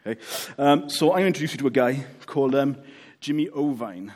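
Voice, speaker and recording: Expressive and quick, this man's mid-range voice has a darkish tone. He's a Welsh preacher giving a relaxed, jokey sermon, chatting with the congregation and frequently asking "okay?"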